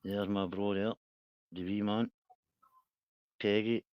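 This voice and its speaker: A man's voice: lowish voice, flat delivery, slow pace, smooth, dry recording, highs cut off. A man, hosting a casual livestream chat, rambling, laughing and swearing a lot. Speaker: livestream host.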